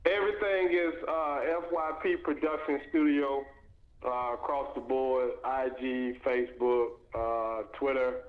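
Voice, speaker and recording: A man's voice: mid-range voice, steady tone. A man calling in to a live show, thanking the hosts in an easygoing way with many fillers. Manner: grateful, easygoing, halting with fillers. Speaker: caller. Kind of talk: casual call-in chat. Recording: tinny phone line.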